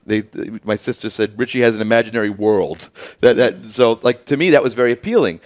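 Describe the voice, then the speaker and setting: A man's voice: on the low side, fairly quick, darkish tone. Chatty man rambling through a story. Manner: rambling, acts out quoted dialogue with many fillers. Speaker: podcast host. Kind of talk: casual storytelling chat.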